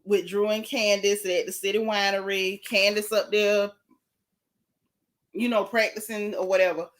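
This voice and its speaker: A woman hosting a live stream, chatting bluntly and sassily about a reality show and thanking viewers. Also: medium pitch. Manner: sassy, blunt, animated gossip. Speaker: show recap host. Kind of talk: casual live-stream chat.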